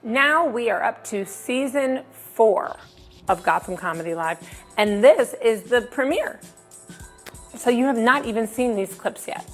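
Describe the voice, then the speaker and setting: A woman's voice: on the high side, animated, a little slow, faint music behind. A woman hosting a stand-up comedy show with bawdy, self-mocking banter. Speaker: host.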